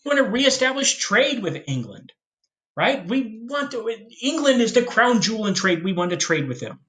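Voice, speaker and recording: A man giving a casual history lesson, telling the story with jokes and quick put-on voices for the historical figures. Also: sits high, very animated, a bit bright. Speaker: history teacher.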